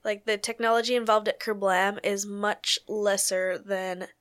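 A woman's voice: mid-range voice, fairly even intonation, measured pace, fairly bright tone, clean tone. A woman co-hosting a casual podcast chat, enthusiastic. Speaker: podcast co-host.

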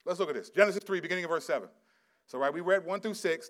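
A middle-aged male pastor giving a sermon, swinging from quiet, low asides to loud, emphatic scripture reading. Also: very fast. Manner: reads scripture aloud with rising intensity.

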